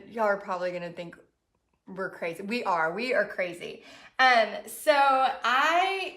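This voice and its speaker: Chatty Texan woman host, bright slightly high voice, laughs often. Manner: chatty, laughs often, reads out viewer comments. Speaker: art business coach host. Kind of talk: casual livestream chat.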